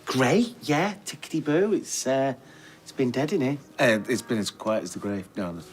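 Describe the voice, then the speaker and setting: A man's voice: medium pitch, expressive, moderate pace, close to an everyday voice. An actor playing a flustered man who rambles nervously and stumbles over his words. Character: flustered man hiding something. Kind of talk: TV soap acting.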